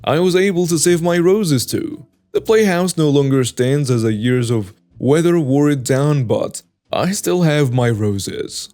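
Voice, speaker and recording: A man reading out a written story in an even, flat narration voice, with little change for the quoted people. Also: on the high side, a little slow, few pauses, soft background music. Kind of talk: scripted narration.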